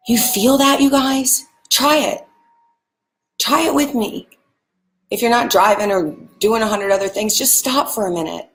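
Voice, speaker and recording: A woman's voice: on the high side, measured pace. Earnest woman teaching gratitude live. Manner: earnest, speaks straight to viewers, repeats phrases like mantras. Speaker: spiritual teacher. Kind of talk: live-streamed motivational teaching.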